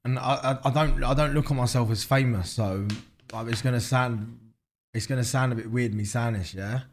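A man's voice: medium pitch, normal speed, a little hiss or hum. A man in his thirties with an Essex accent, talking casually and animatedly as a podcast guest, swearing freely and repeating himself. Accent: Essex English. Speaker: podcast guest, business founder. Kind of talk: casual interview chat.

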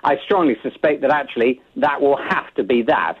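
A male correspondent calling in over the phone, giving measured, thoughtful analysis with many hesitations. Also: medium pitch, animated, husky. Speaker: foreign correspondent. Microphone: phone line. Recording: tinny phone line.

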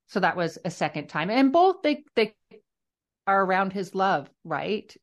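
A woman's voice: medium pitch, big pitch swings, a little slow. A middle-aged woman, a podcast guest, telling a personal faith story in an earnest, reflective way, often restarting her sentences. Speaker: guest author sharing her testimony. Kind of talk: personal testimony in a podcast interview.

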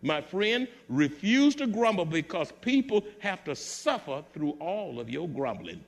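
Pastor man preaching in church, high voice that swoops all over, gets fired up repeating lines. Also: sing-song, measured pace, vocal fry. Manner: preaching with rising fervor and repetition. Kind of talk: sermon. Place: church sanctuary.

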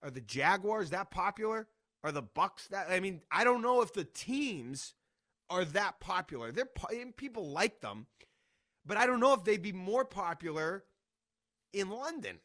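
A man from Boston talks sports on the radio in a high, bright voice. He rambles through his points, circling back with quick asides and restarts. This is loose sports talk. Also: sing-song.

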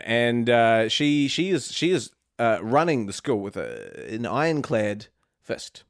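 A man's voice: medium pitch, big pitch swings, measured pace, gravelly, no room sound, studio quality. A man co-hosting a comedy podcast, chatting and joking with plenty of restarts. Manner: rambling, jokey, frequent restarts. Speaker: podcast co-host. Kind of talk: casual comedic chat.

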